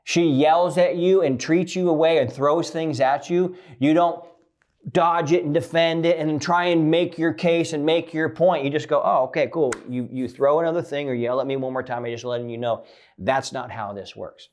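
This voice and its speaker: A man's voice: fairly even intonation, moderate pace. Blunt, profane male relationship coach. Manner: blunt and profane, swings between loud emphasis and low quiet lines. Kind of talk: direct coaching monologue.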